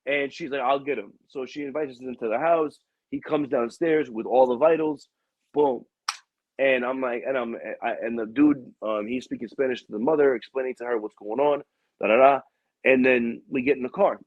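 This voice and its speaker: Podcast host, young man, husky, animated, profane storyteller, dry dull audio. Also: normal speed, dry recording. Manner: animated, profane, acts out quotes with raised pitch. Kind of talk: casual storytelling chat.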